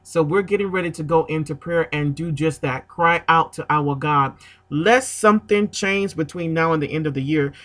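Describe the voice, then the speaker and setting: A man's voice: fairly high pitch, moderate pace, fairly bright tone. A man earnestly announcing a time of prayer on a gospel radio show, with frequent "uh" fillers.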